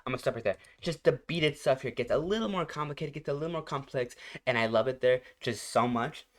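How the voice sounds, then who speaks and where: A man's voice: medium pitch, fast, a little hiss or hum. Young male reaction host, mid-range voice, rambling and gushing, laughs a lot. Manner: gushing, rambling, searching for words; laughs often between phrases. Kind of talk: casual reaction commentary.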